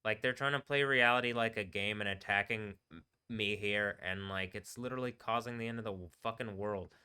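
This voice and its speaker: A man streaming live, rambling casually in a halting way and trailing off mid-word. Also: on the low side, fairly even intonation, pushed and bright, clear, resonant tone. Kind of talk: casual rambling livestream talk.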